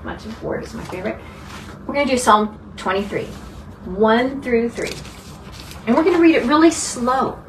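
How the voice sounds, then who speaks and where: A woman's voice: on the high side, animated, normal speed. Woman, Bible study teacher, earnest, lingers on words, distant mic, faint noise. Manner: earnest, dwells on single words. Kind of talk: conversational group teaching.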